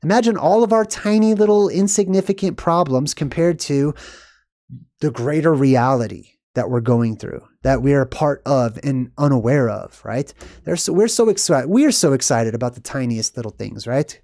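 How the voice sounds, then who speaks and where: A man's voice: medium pitch, moderate pace, mellow, no echo, studio quality. A man giving casual, rambling movie commentary in a conspiratorial way, often ending points with "right?".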